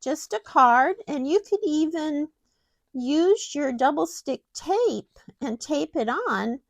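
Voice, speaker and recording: A woman hosting a craft tutorial, chatting gently and gushing as she demonstrates step by step. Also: high voice, dry recording, studio quality.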